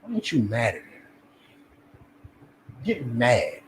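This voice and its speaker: A man's voice: mid-range voice, wildly swooping pitch, takes it slowly, slight background noise. A man with a New Jersey accent preaching a fiery street sermon, swearing and acting out the voices he quotes.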